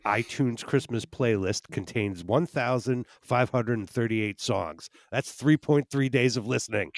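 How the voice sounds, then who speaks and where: A man's voice: medium pitch, unhurried, no room sound. A man co-hosting a podcast, reading out trivia in a matter-of-fact way. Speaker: podcast co-host. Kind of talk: casual podcast banter.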